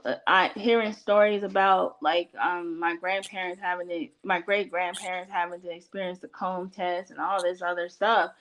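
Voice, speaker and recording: A middle-aged woman from Chicago in casual conversation, telling personal stories in halting, self-correcting sentences. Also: medium pitch, rough recording. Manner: halting, restarting sentences as she recalls events. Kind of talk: casual storytelling chat.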